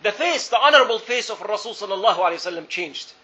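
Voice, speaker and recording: A man delivers a sermon in a strikingly high voice, telling his story earnestly and circling back on phrases to drive them home. His tone is bright and forceful. The recording sounds dull and lo-fi. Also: animated, racing. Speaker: preacher.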